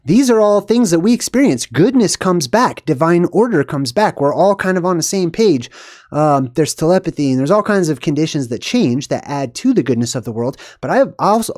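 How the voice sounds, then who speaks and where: A man hosting a live video talk in a somewhat high voice. He reads a passage aloud, then wanders off into his own thoughts, stopping and restarting with frequent fillers. The sound is dry, with no room echo. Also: a little mellow. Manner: rambling, thinking aloud with frequent fillers and asides. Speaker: host of a live video on symbolism. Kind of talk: casual explanatory livestream talk.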